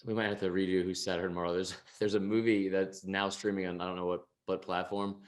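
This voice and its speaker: A young man with a low, flat voice talks fast while co-hosting a sports podcast. His casual chat rambles, full of restarts and swearing, and he laughs at himself as he goes.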